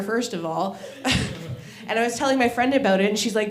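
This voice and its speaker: A woman's voice: on the high side, expressive, normal speed, pauses often. A woman doing a stand-up set at an open mic, telling stories with frequent giggles and self-deprecating asides. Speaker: stand-up comedian. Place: small comedy venue, echoey room. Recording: echoey live room.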